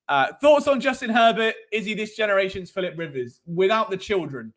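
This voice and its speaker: Cheeky British man with a high voice. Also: lively intonation, brisk, few pauses, a bit bright. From Britain. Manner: cheeky, rambling, jokey. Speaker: sports show host. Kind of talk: casual live-stream sports chat.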